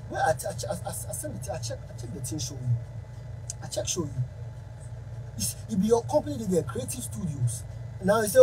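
A high-voiced man with a Ghanaian Pidgin accent delivers a heated, confrontational rant straight to camera. He keeps circling back to the same accusations, and faint noise hums behind him. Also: sing-song, fairly quick, long pauses, a little mellow, rough recording. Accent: Ghanaian Pidgin English. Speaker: musician.

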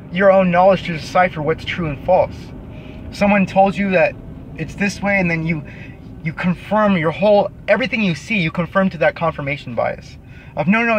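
A man's voice: high voice, a bit bright. A young man in an angry rant to camera, profane and scornful, repeating himself, recorded outdoors. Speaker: vlogger. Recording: noisy outdoor recording near traffic.

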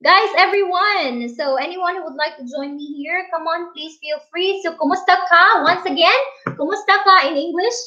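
Through dull, lo-fi stream audio, a livestream host with a very high, bright and forceful voice chats at a moderate pace. She laughs and reads her viewers' comments out loud in a casual way.

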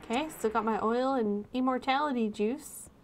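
A woman's voice: a little high, normal speed. A woman streaming a horror game, chatting with sarcastic jokes and giggles as she plays. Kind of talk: live game commentary.

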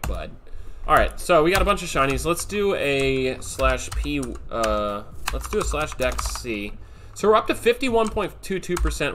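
A man's voice: medium pitch, fairly bright tone, a little hiss or hum. A man streaming a game, talking casually to his chat with offhand swearing. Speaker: streamer, host. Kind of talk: gameplay commentary.

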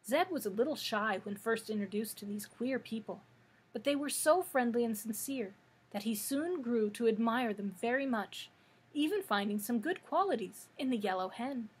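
A woman librarian reading a children's book aloud in a clear, measured storytelling manner. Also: a little high, lively intonation, low-quality recording.

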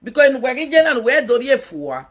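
A woman's voice: high voice, very animated, brisk. A Nigerian woman doing a casual live-stream gossip rant as a social media commentator, mocking, laughing and scolding.

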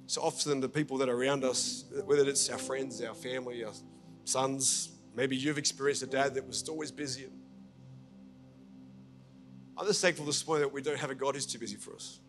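A man's voice: medium pitch, steady tone, fast, music in the background. A man preaching as senior pastor at a church service, telling a story and appealing earnestly and directly to his listeners. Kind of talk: sermon.

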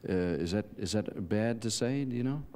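Male TV host, slightly low voice, joking interview patter, 1970s broadcast. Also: brisk, darkish tone. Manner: joking, chatty. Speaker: TV show host. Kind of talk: televised interview.

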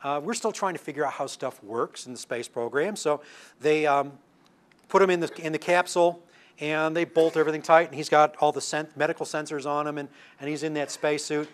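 A man's voice: a little high, steady tone, brisk. An older man giving a public science talk, telling anecdotes with asides and restarts. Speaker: lecturing astronomer.

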